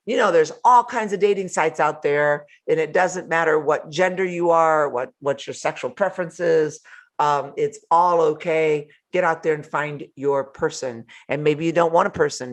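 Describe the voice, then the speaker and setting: An older woman with a low-pitched voice hosts a live motivational talk from her home. She's animated and playful, laughing often between her remarks.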